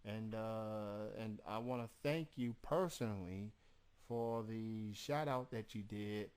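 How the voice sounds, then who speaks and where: A man's voice: on the low side, slow, darkish tone, smooth. A man with a Southern accent hosting an interview, talking hesitantly with many fillers and restarts. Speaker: interview host. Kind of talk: casual interview.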